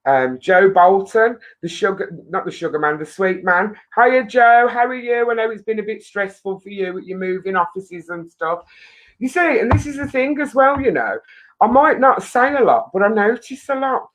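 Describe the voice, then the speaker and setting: A woman's voice: medium pitch, lively intonation, moderate pace, low-quality recording. A woman hosting a casual live stream, chatting in a rambling way to viewers and laughing often.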